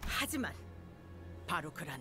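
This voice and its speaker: A woman's voice: low voice, very animated, rapid-fire, over music. An actress playing a commanding older female sea captain in a game, speaking in a grand, theatrical, knowing way. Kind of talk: game voice acting.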